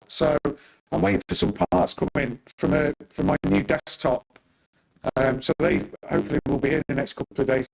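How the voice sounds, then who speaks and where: A man's voice: lowish voice, creaky, darkish tone, poor audio. A middle-aged man hosting a casual live stream from his home desk, chatting with viewers by name and rallying them with encouragement. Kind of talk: casual live market commentary. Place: home desk, working on a laptop.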